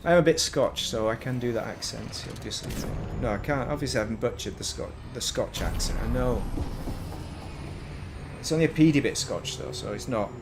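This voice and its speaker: A man's voice: medium pitch, moderate pace, vocal fry, very noisy. Chatty northern English man gaming. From Northern England. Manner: rambling, chatty, self-mocking asides. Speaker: gaming streamer. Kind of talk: casual gameplay commentary.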